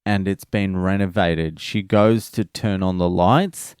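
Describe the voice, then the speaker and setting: Slow, low-voiced man swearing through a story. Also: fairly even intonation, darkish tone, clear, resonant tone, no room sound, clean studio sound. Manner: swears freely, retells conversations. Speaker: vlogger. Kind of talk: casual storytelling vlog.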